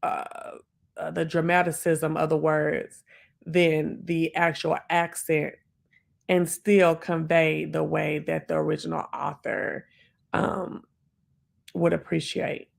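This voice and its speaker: Gravelly-voiced woman chatting on a live stream. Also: sits low, level tone. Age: 40s. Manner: chatty and reflective, with many fillers and quick asides. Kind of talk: casual live stream chat.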